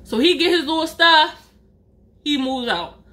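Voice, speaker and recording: A woman spins a workplace story in a loose, chatty vlog, her voice sitting high and ringing bright. She talks in a lively, slangy way and jumps into the voices of the people she quotes. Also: unhurried. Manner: animated, slangy, acts out quotes. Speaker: storyteller vlogger. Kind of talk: casual storytime chat.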